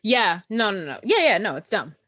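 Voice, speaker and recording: Woman, co-host, quick interjections, animated pitch, dry close mic. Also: dry recording. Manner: quick agreeing interjections, laughs easily. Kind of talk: casual news talk chat.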